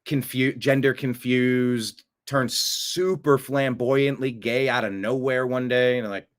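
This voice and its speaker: A man hosting a profane political rant, swinging from low mutters to loud outbursts. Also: fairly even intonation, unhurried. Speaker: political commentary host.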